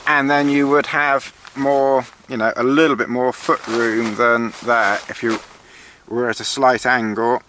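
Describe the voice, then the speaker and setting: A man's voice: medium pitch, little pitch movement, unhurried, fairly bright tone. A man giving a casual walkthrough of a tent from inside it, hesitant, with dry sarcastic asides. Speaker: outdoor gear reviewer. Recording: faint rain noise on tent.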